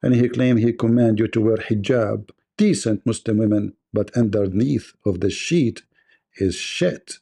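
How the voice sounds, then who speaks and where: A man's voice: fairly low pitch, unhurried, gravelly, dark tone, husky. A man hosting a livestream debate, delivering a mocking, combative monologue.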